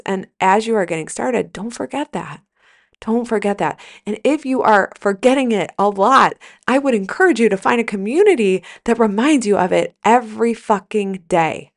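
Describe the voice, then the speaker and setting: A woman's voice: medium pitch, vocal fry. A middle-aged woman hosting her own podcast, giving an emphatic motivational monologue to listeners, swearing freely and repeating lines for emphasis. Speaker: podcast host and coach.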